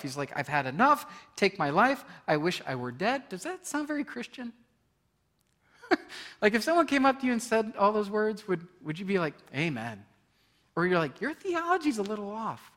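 A middle-aged pastor delivers a sermon in a conversational style, laughing often and shifting between loud emphasis and soft, hushed stretches. His voice sits high.

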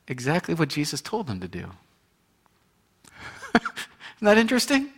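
A man preaching a sermon as a pastor, telling the story with lively acted-out quotes and moving between loud, bright moments and hushed, quiet ones. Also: high voice, normal speed, long pauses, slightly rough.

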